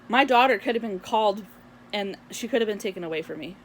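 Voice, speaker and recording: A young woman vlogger ranting to camera, telling a story in an animated way and acting out the dialogue. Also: medium pitch, fast, a little hiss or hum. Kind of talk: casual venting rant to camera.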